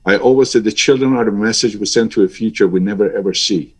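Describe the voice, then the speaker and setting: Speaking quickly in a voice on the low side, this man from Iran is an airline pilot in his sixties, interviewed remotely. He is passionate and emphatic, his voice climbing sharply whenever he gets worked up.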